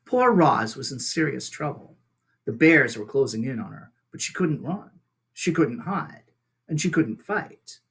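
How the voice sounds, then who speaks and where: A man reading a children's book aloud with expressive storytelling. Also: medium pitch, a little slow, creaky. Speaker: reader.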